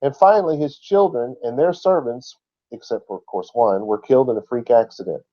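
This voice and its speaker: A man teaches scripture in a conversational sermon style, often pausing for rhetorical questions. His voice sits at a middle pitch. The recording sounds dull and lo-fi. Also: dark tone. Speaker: Bible teacher.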